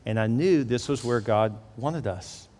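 A man from Houston, Texas preaching a storytelling sermon as a pastor, animated and acting out the dialogue he quotes. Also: mid-range voice, unhurried. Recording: long reverb of a large hall.

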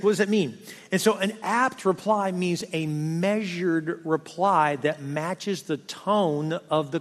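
Male pastor, high voice, energetic conversational sermon, long hall reverb. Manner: energetic, conversational preaching with rhetorical questions.

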